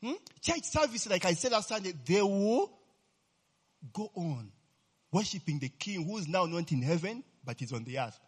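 A male preacher delivers a sermon in a loose, joking style, constantly checking in with his listeners. His husky voice sits high and swings widely in pitch, bright with animation. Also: big pitch swings, moderate pace. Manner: chatty, joking, prompts the audience with eh and amen.

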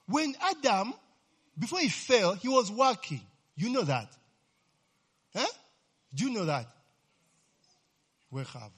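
A man's voice: fairly high pitch, fairly bright tone, husky. A man preaching a sermon in a chatty, joking way, often asking "eh?" and "amen?" to keep his listeners engaged.

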